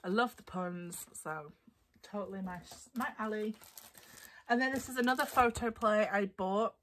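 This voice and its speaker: A woman's voice: medium pitch, moderate pace, fairly bright tone, slight background noise. A woman chatting casually through a craft haul, bubbly and giggly, her voice a little tired. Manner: bubbly and giggly, gushing over papers. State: voice getting tired. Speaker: craft vlogger.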